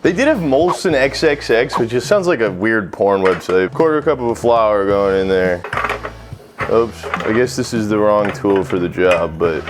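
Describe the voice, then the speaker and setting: A man's voice: lowish voice, animated, unhurried. A young American man hosting a casual cooking vlog, joking and swearing as he rambles over faint music. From United States. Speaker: cooking channel host.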